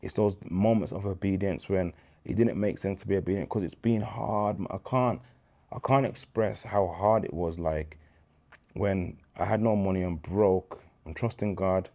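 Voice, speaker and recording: Deep-voiced Birmingham man telling stories. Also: normal speed, highs cut off. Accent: Birmingham English. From England. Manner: animated storyteller, slang-heavy, acts out quoted dialogue. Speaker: interview guest. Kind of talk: casual storytelling interview.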